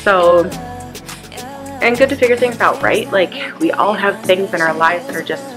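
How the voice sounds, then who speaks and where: A woman's voice: lowish voice, moderate pace, music in the background. A woman in her thirties chatting casually to the camera about her meals and errands, upbeat and full of fillers. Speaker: lifestyle vlogger. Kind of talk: casual what-I-eat chat to camera. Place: in a parked car.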